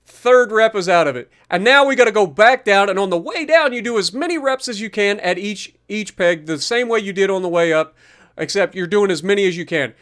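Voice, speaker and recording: A man's voice: high voice, animated, fairly quick, a bit bright, clean tone. A man talking viewers through his gym workout in a chatty, upbeat voice-over. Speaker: fitness vlogger. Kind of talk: casual workout commentary voice-over.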